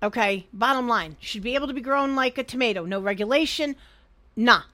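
A woman co-hosting a casual podcast, blunt and animated, swearing freely as she gives her opinions. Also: a little high, brisk, no echo. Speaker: podcast co-host. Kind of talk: casual chat.

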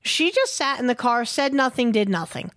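A woman's voice: a little high, big pitch swings, normal speed, a bit bright, no echo, studio quality. A woman co-hosting a podcast, telling a story in a blunt, emphatic, heavily profane way. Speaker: podcast co-host.

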